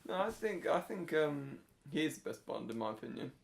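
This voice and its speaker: A man's voice: fairly high pitch, very animated, brisk, creaky. A man co-hosting a film podcast in casual chat, rambling and hesitant, often trailing off. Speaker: podcast co-host.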